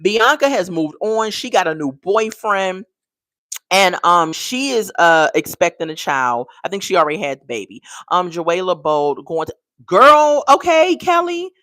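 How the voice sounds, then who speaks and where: Sassy woman reviewing with lively pitch. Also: moderate pace, no echo, clean studio sound. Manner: sassy, exasperated, talks straight to viewers. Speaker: TV show reviewer. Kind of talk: casual video review.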